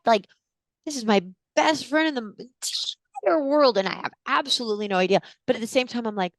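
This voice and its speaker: A woman in her forties, a guest in an interview, telling a personal story in an animated way and acting out what people said. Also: medium pitch, a little fast, creaky, no room sound. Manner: animated storyteller, acts out quotes with gasps.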